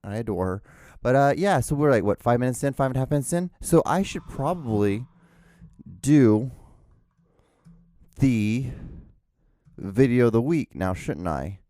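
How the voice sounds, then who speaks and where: A man's voice: medium pitch, expressive, a little slow, long pauses, dark tone, no room sound, clean studio sound. A man hosting his own podcast from home, rambling casually with lots of stammered restarts and swearing. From outside the United States. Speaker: podcast host. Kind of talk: casual solo podcast rant. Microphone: podcast microphone.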